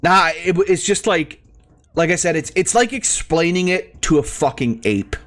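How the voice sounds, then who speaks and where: With a slightly high, animated, somewhat bright voice at a moderate pace, a man streams himself gaming and rants in heated frustration. Heavy swearing and stammered restarts run through his casual talk.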